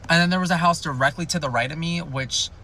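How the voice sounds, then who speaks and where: A man's voice: fairly high pitch, fast talker, bright, forceful tone, a little hiss or hum. A young man telling a rambling, jokey storytime in a chatty way. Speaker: storytime youtuber. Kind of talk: casual storytime.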